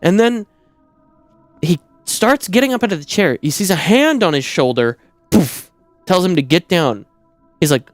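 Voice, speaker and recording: Man, streamer, casual rant, lively swooping pitch, dry close sound, faint music behind. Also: unhurried, long pauses, dry recording. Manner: animated, incredulous, swears a lot. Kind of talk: casual ranting story.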